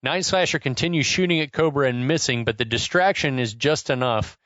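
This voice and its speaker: A man's voice: mid-range voice, fairly quick, fairly bright tone, dry recording, highs cut off. A man co-hosting a podcast, animatedly recapping an action movie's chase scene in casual chat, swearing and incredulous. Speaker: podcast co-host.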